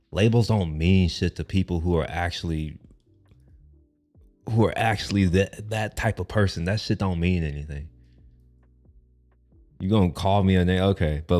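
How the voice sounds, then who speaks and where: A man's voice: low-pitched, mellow. A man from Texas, giving blunt, profane, rambling reaction commentary on clips.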